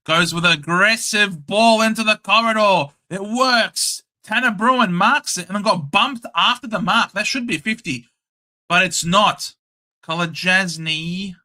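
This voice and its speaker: A young Australian man hosting a casual live watchalong, calling the play in a chatty, excitable and blunt way. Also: sits high, measured pace. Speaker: host. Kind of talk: casual live match commentary.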